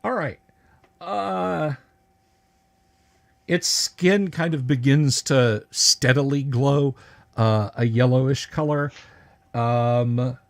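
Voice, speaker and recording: A man narrating as game master of a tabletop game on an online stream, casual and halting with many filler words. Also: mid-range voice, darkish tone. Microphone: video call.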